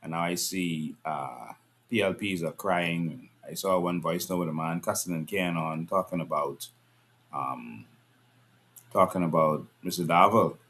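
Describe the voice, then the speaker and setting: A man giving casual political commentary to his viewers, firing off rhetorical questions and scolding in an exasperated, animated way. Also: low-pitched, unhurried, a little hiss or hum.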